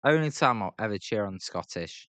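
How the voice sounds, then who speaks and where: British man's smooth, low play-by-play chat. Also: animated, fairly quick, a bit bright, no echo. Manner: chatty, rambling, frequent fillers and restarts. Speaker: host of a live baseball reaction stream. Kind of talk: casual live play-by-play and chat with viewers.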